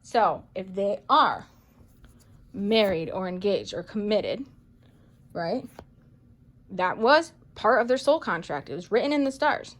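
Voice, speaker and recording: A woman reading tarot cards for viewers in a chatty, playful way, excitable and full of pet names. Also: medium pitch, unhurried, long pauses. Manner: playful, chatty, calls listeners baby girl and boo; excitable, gasps and exclaims over cards. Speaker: psychic medium tarot reader.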